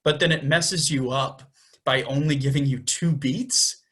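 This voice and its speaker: A man's voice: mid-range voice, steady tone, a little slow, a bit bright, breathy edge. Young man explaining music theory. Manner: explains step by step, counting beats aloud. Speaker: podcast co-host.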